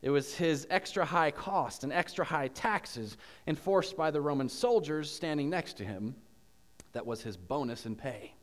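A man preaching a sermon as pastor, telling a story with animated questions to the congregation. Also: fairly high pitch, a little slow, big-room sound. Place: church.

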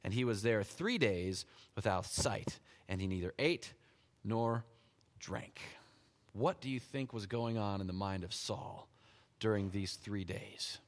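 A man preaching a sermon, reading scripture and retelling it in animated storytelling style with frequent chuckles. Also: fairly low pitch, a little slow. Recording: long hall reverb.

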